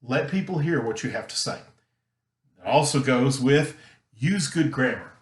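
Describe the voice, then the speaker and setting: A man teaching a recorded lesson, talking earnestly and emphatically, deliberately slowing his delivery. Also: mid-range voice, lively intonation. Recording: roomy echo.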